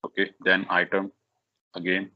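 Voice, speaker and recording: A man leading a live software tutorial for a workshop, talking in halting bursts with many fillers, restarts and repeated "okay"s. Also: low voice, monotone. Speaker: workshop instructor. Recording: dull lo-fi recording.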